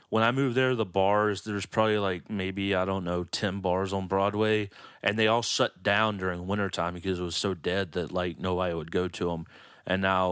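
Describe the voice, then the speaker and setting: A man in his thirties co-hosting a podcast, telling stories in a relaxed way with lots of fillers. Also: low-pitched, clear, resonant tone, no room sound, studio quality. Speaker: podcast co-host. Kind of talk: casual chat.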